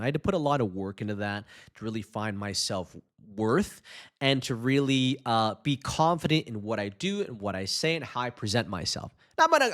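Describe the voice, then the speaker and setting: A man giving a podcast lesson on public speaking, his voice swinging widely up and down as he stresses points. He talks fast by nature and often restarts his words mid-sentence. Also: medium pitch, a bit bright. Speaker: English teacher.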